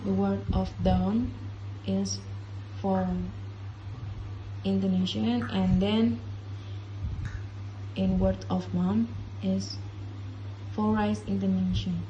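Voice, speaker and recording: A young woman reads a class presentation at a mid pitch, careful and steady as she works through example sentences. A faint hiss sits under her voice. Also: slow pace, pauses often, dull audio. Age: young adult. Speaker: student presenter.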